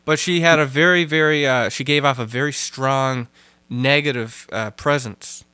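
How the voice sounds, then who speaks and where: A man's voice: medium pitch, fairly even intonation, normal speed, bright, forceful tone, clear, resonant tone, no room sound. A man hosting a podcast, questioning a guest and recapping her story back to her. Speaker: podcast host. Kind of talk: interviewing a guest.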